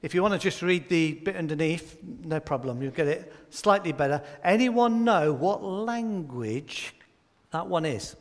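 A man's voice: on the high side, lively intonation, unhurried, long reverb tail. A man giving a playful children's talk in a church service, quizzing the children by name and joking as he goes.

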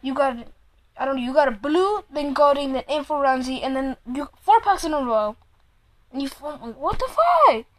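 A woman giving casual gameplay commentary while opening packs against a friend, excitable, swearing often and teasing the other player. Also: high voice, normal speed, slight background noise, rough recording. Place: room at home, Android phone game.

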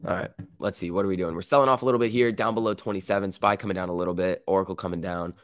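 A man's voice: low-pitched, steady tone, rapid-fire, smooth, no room sound, clean studio sound. A man with a sick voice hosting a live stock market stream, reading chat and reacting in casual slang. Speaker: stock market livestream host.

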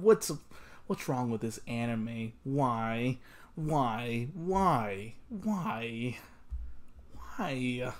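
Young man, anime reaction host, unhurried delivery, exclamatory, swears, repeats himself. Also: medium pitch. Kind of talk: emotional anime reaction commentary.

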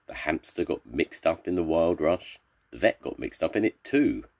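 Older man, very deep voice, husky, lively storybook reading. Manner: slow and expressive, with lots of pitch swings. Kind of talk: reading a children's story aloud.

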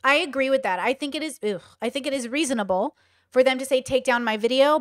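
A woman's voice: fairly high pitch, dry recording, studio quality. A young woman hosting casual commentary, chatty and full of "like" fillers. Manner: chatty, many 'like' fillers. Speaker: host.

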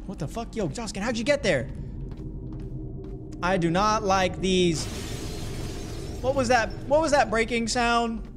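A young adult streamer giving live gameplay commentary, excitable and jumpy, swearing often. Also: mid-range voice, unhurried, pauses often. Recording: noisy background.

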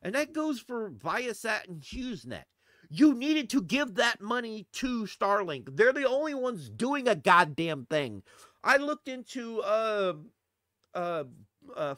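A man in his forties holds forth in an exasperated, profane rant, his voice sitting high and swinging widely in pitch. There is a gravelly edge to it, and the sound is dry and close. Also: pushed and bright, dry recording. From Texas. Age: 40s. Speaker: vlogger. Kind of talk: casual ranting vlog.

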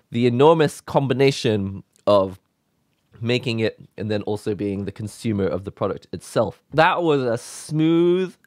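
A man hosting a casual vlog, talking excitedly and emotionally in a rambling way. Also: on the low side, no echo, studio quality. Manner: excited, rambling, with laughs and sighs. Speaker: YouTube host.

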